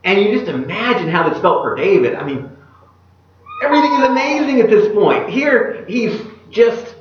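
A man preaching a sermon in an animated way, voicing the prayers he reads aloud. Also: high-pitched, moderate pace, noisy background. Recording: echoey hall, dull lo-fi sound.

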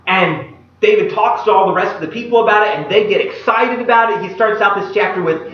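A man preaching a sermon, retelling a Bible story in an animated way and putting questions to his listeners. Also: high-pitched, brisk. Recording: echoey, distant, dull room recording.

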